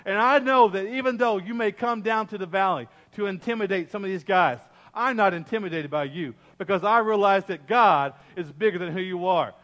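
A man's voice: high voice, brisk, hardly any pauses, a bit bright, dull audio. A man voicing a brash, defiant young shepherd hero who talks in casual slang, in an echoey hall.

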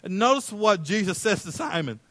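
Male pastor, dramatic sermon delivery, acts out voices, slightly higher pitch. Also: very animated, normal speed, dry recording. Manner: swings from loud calls to hushed tenderness.

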